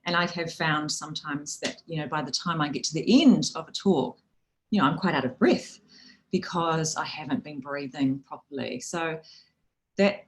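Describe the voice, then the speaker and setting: A woman's voice: low-pitched, poor audio. A woman with a New Zealand accent giving practical, friendly advice on public speaking, often restarting phrases and adding "you know". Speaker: speaking coach. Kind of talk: instructional talk on public speaking.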